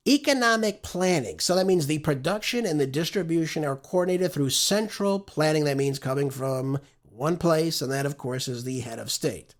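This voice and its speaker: A man's voice: a little high, moderate pace, few pauses. A man hosting a political talk show, delivering opinionated, conversational commentary and often tagging his points with "right?".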